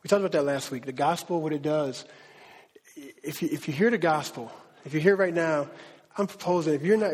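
A man preaching a sermon to his church in a casual, animated way, using slang and acting out quotes. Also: on the high side, slightly rough. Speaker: pastor. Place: church hall. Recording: long reverb of a large hall.

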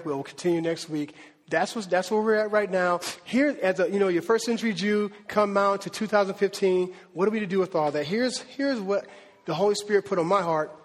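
Animated high-voiced preacher in a hall. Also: male voice. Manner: slangy, acts out voices of people in the story. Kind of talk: lively conversational sermon. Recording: long hall reverb.

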